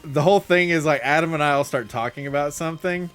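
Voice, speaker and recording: Man, co-host, casual podcast chat, animated and laughing, higher-pitched, light music under. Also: fast, smooth. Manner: animated, laughing, mock announcer bits.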